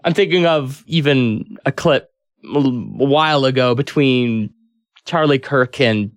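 A man's voice: medium pitch, measured pace, no echo. A male interviewer asking a thoughtful question and searching for his words.

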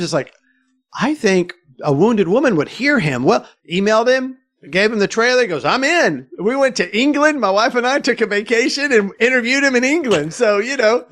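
A middle-aged man, a filmmaker guest, telling stories in an interview, animated and quoting others as he goes. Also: high-pitched. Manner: animated, quotes others, frequent restarts. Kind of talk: conversational interview storytelling.

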